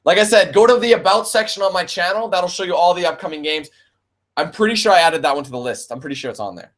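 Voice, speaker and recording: A young Canadian man with a Canadian accent chats through viewer questions on his gaming stream. His voice sits slightly high. He is laid-back and swears freely, calling people man and bro. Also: expressive, fast, fairly bright tone. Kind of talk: casual live-stream Q&A.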